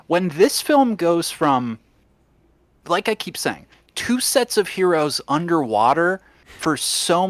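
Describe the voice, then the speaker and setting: Opinionated male co-host, lively, slightly high voice, dry close sound. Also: no echo. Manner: animated and opinionated. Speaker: podcast co-host. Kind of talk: casual chat.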